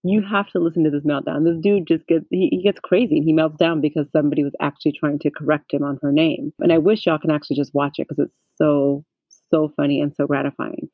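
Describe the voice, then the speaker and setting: A man's voice: a little high, level tone, fast, no room sound. Podcast cohost guy, slangy and laughing a lot, sounds like a phone line, dry. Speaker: podcast co-host. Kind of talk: casual chat.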